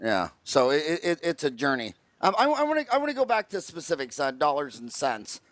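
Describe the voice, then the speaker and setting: A man hosting a dental podcast, a dentist himself, asking blunt, quick questions and cutting in. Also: on the high side, huge pitch swings, a bit bright, no room sound. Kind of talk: podcast interview.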